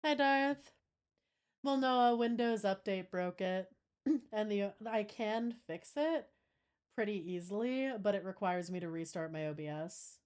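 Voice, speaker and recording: A woman's voice: mid-range voice, lively intonation, unhurried, darkish tone, clean tone. A woman streamer chatting casually with her viewers, swearing now and then as she fixes her audio setup. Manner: chatty, swears, talks to chat while troubleshooting. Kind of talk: casual live-stream chat.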